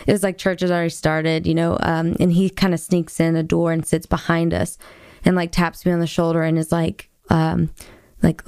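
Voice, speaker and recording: A woman with a smooth, lowish voice, recorded dry and close. She tells a personal story in an animated, chatty way, full of fillers. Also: normal speed, dry recording. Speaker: guest, author. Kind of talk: casual faith conversation.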